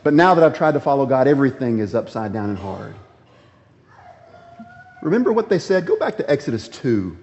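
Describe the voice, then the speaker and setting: A man preaches a sermon in an echoing hall, recorded with dull lo-fi sound. Very animated and brisk with long pauses, he acts out quoted complaints in a raised voice and then drops low and quiet.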